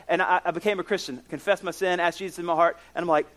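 A man's voice: sits high, fast, few pauses. A man in his forties preaching a sermon, telling stories with jokes and side notes. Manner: lively storytelling with jokes and asides. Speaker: pastor.

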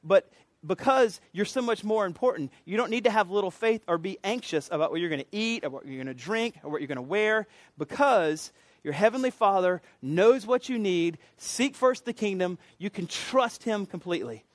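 Man preaching, laid-back and jokey, fairly high voice, dry close sound. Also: animated, normal speed, dry recording. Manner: casual, jokey conversational preaching. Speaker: pastor. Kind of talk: sermon.

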